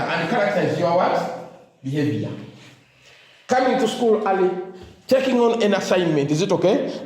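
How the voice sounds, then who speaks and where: A man giving a motivational talk to teachers, leaving sentences open with "what?" for the audience to fill in and mixing in Luganda phrases. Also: high voice. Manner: call-and-response, asks "what?" for the crowd to fill in. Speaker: motivational speaker. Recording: echoey room.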